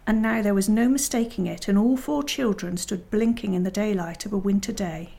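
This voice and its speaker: A woman narrating a bedtime storybook in a gentle, hushed and steady way. Her voice sits in a middle pitch, calm and unhurried. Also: vocal fry.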